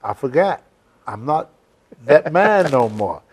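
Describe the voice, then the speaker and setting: A man's voice: mid-range voice, big pitch swings, slow, husky. Older man telling rambling folksy stories. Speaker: host. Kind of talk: casual storytelling chat.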